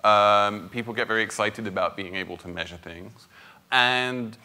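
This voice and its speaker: A man's voice: fairly low pitch, steady tone, normal speed, sharp tone. A British man with a somewhat nasal voice, a finance blogger answering questions onstage, frank and opinionated with frequent restarts. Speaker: finance blogger, panel guest. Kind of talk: onstage conference Q&A.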